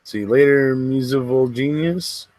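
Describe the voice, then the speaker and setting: A middle-aged man chats to his livestream viewers, rambling along and laughing between thoughts. His voice sits in an ordinary middle pitch. The sound is close and dry, with no room around it. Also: a little mellow, no echo. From West Coast of the United States. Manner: rambling, chatty, quick laughs between remarks. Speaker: livestream host. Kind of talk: casual livestream chat.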